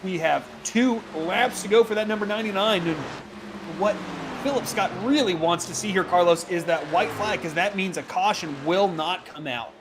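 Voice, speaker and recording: A man doing play-by-play commentary for a sim racing broadcast, chatty and quick, laughing easily between calls. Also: high-pitched, noisy background.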